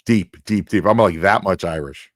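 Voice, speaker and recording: A man's voice: sits low, normal speed, no room sound, clean studio sound. A man co-hosting a casual podcast, telling a story with lots of energy and acting out the other people's voices. He sounds worn out and short of breath. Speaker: podcast co-host.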